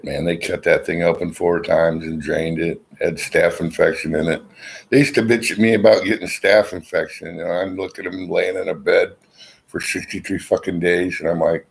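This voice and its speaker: A middle-aged man with a very low, gravelly voice talks to his viewers from his armchair. His rambling, blunt chat is full of swearing, and it is picked up by a laptop's built-in mic. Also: rough recording. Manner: rambling, profane, blunt storyteller. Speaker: vlogger. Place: at home, seated in an armchair.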